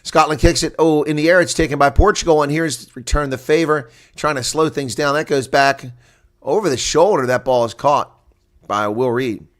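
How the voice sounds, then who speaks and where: A man giving live play-by-play rugby commentary, excitable and rising to shouts at big plays. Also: fairly high pitch, normal speed.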